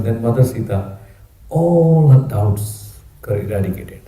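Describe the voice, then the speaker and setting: A man preaches in a lively, conversational way, his voice very dark and mellow. He is in a roomy hall with a clear echo. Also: medium pitch, unhurried. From India. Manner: animated, conversational. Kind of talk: storytelling sermon.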